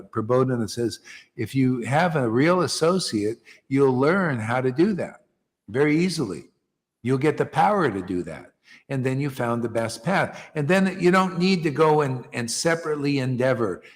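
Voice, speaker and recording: A man leading a devotional gathering, preaching informally with emphatic rhetorical questions that rise to near shouts. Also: medium pitch, big-room sound. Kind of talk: informal preaching to a small group.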